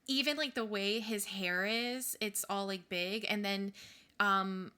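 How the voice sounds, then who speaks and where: A woman co-hosting a podcast, chatting casually and animatedly about a book and its film, with quick asides. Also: mid-range voice, fairly even intonation, bright, forceful tone, clear, resonant tone. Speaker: podcast co-host.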